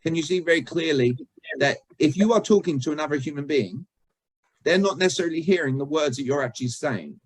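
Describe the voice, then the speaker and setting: A man's voice: fairly high pitch, dry recording, poor audio. A British-born man running an online communication workshop, joking and asking his audience questions. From Britain. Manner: chatty, jokey, asks the audience questions. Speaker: communication trainer. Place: video call.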